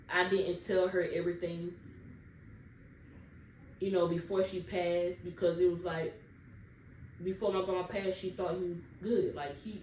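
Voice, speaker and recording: Young woman, casual storytime vlogger, talks right to her viewers, distant mic in an echoey room. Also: on the low side. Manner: chatty, keeps addressing viewers directly. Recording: roomy, distant mic, faint background noise.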